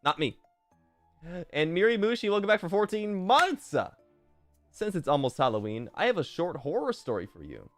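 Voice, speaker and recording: A young man streaming and casually chatting while reading fan messages, swearing often and jumping into loud outbursts. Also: high-pitched, normal speed, no room sound, soft background music. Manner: excitable, swears a lot, swings to loud outbursts.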